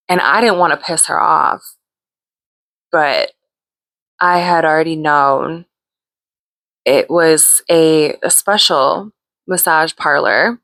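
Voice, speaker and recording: A woman's voice: on the low side, takes it slowly, pauses often, a bit bright, no echo. A woman hosting a podcast, casually telling a story, laughing often and acting out what people said. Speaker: podcast host.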